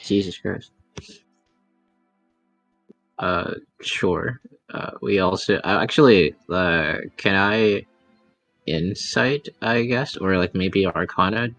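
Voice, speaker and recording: A man's voice: sits low, slow, pauses often, fairly bright tone, faint music behind. A man playing a tabletop game, chatting casually and thinking aloud with fillers. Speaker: player.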